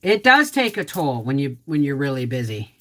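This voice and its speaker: A woman's voice: extremely low pitch, very animated, moderate pace, a bit bright. A middle-aged woman hosting a casual homestead livestream, rambling chattily and greeting viewers by name, her voice a little off. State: voice slightly off.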